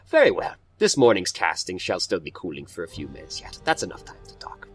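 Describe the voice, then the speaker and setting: A polite, cultured male engineer from a video game, as a man reads his lines aloud. His delivery is smooth and gracious, in a fairly low voice. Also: huge pitch swings, fairly quick, soft background music, heavily acted. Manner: polite and pleasant, read aloud.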